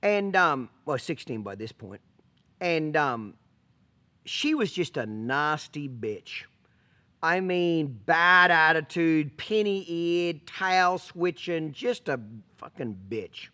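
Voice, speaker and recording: A man's voice: on the high side, lively intonation, takes it slowly, sharp tone. A man telling a story as a horse trainer, blunt and profane, punctuating points with rhetorical questions. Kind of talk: storytelling vlog.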